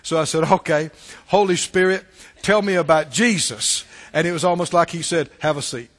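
High-voiced preacher man in a reverberant hall. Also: moderate pace. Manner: emphatic preaching, swells to shouts and drops to hushed asides. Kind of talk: sermon.

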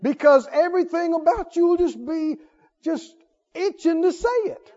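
A man preaching a sermon in a church, conversational and animated, building to emphatic exclamations. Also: very high voice, moderate pace. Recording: dull audio with long hall reverb.

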